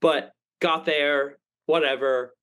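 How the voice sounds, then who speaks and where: With a fairly high, smooth voice and a slow pace, a young man on poor audio tells a long, wandering story as a podcast guest. The storytelling is casual, heavy on swearing, and full of animated reenactments of what people said.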